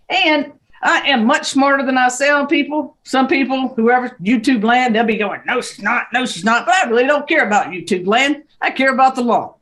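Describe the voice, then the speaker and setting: A woman judge with a Southern US accent giving brisk, stern and joking courtroom instructions over a video call. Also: high-pitched, fairly bright tone.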